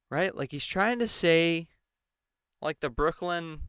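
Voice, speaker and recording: A man's voice: fairly high pitch, animated, moderate pace, a bit bright, clear, resonant tone, no room sound, clean studio sound. A man giving a sarcastic commentary on a televised debate and mocking the anchors. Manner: mocking, mimics the anchors in exaggerated voices. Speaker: political commentator.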